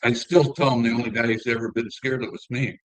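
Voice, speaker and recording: An older man from northern Minnesota with an Upper Midwest accent, a former hockey player telling relaxed, rambling stories in an interview. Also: mid-range voice, fast talker, dry recording, poor audio. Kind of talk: casual conversational storytelling.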